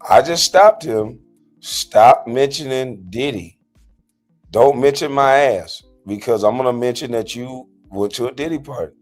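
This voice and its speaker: A man hosting a profane reaction rant, mocking his target and swinging between loud and mumbled talk. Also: mid-range voice, a little slow, faint music behind. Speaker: host.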